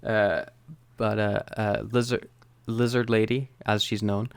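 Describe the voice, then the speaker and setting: A man's voice: on the low side, flat delivery, unhurried, vocal fry, a little hiss or hum. A Scottish man co-hosting a podcast, chatting casually and hesitantly about a TV episode, laughing often. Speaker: podcast co-host. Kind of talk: casual chat reviewing a TV episode.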